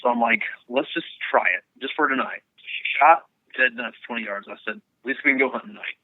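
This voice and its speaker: A man telling an animated bowhunting story as a guest in an interview. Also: mid-range voice, quick pace, no room sound, narrow, tinny audio. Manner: excited, rambling storyteller.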